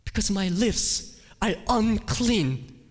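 A preacher crying out as an anguished ancient prophet. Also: male voice, animated, full character voice. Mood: despairing. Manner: high, slow, pleading cries. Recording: long hall reverb.

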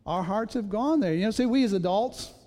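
Casting note: high-pitched male pastor, playful storyteller who acts out voices, long church echo. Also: animated, a little fast, warm tone. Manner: storytelling, acts out voices, self-mocking humor. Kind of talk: sermon. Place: church sanctuary. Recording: long reverb of a large hall.

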